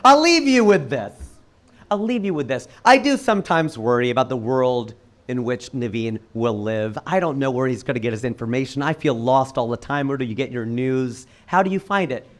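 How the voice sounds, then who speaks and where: A man performing a stand-up comedy set, with animated punchline delivery and acted-out quoted voices. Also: medium pitch, normal speed. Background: audience laughter.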